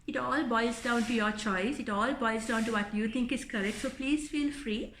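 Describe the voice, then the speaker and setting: A woman's voice: fairly high pitch, moderate pace, a bit bright, roomy sound, a little hiss or hum. A woman with a Sri Lankan English accent, an English lecturer giving earnest advice in an educational talk, often restarting her sentences. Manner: earnest, advising, many restarts.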